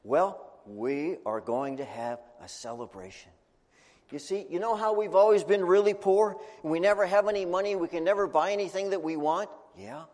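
A man's voice: high voice, normal speed, a little mellow, pitched above the performer's own voice. A man voicing a poor, middle-aged farmer father who talks eagerly and boastfully, in an echoey hall. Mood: excited.

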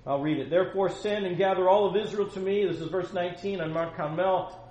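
A man preaching at a family camp, teaching the Bible in a conversational, animated way and acting out the scripture. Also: sits high, fairly quick, few pauses, muffled recording. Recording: roomy echo, faint noise.

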